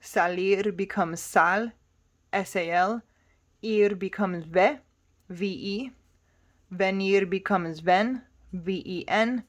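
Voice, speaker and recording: A woman's voice: mid-range voice, slow, long pauses. A woman teaching a Spanish lesson, explaining patiently and spelling words out letter by letter.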